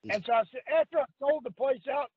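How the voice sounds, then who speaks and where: Older guy on the phone, high voice, rough salty storyteller, tinny dry line. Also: fast, no echo. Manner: rough, salty storyteller, quoting others, laughing often. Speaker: guest, retired wrestler. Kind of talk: storytelling on a call-in radio podcast.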